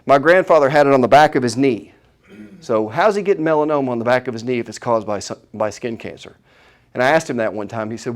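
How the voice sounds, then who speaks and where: A man giving a live health seminar, opinionated and animated, asking the audience questions as he goes. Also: medium pitch, fast talker. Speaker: chiropractor giving a health talk.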